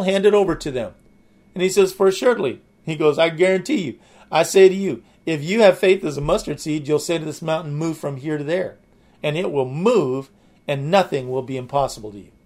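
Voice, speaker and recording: A man's voice: a little high, a little mellow. A man preaching a sermon, explaining the meanings of words with enthusiasm and frequent restarts. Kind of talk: sermon teaching.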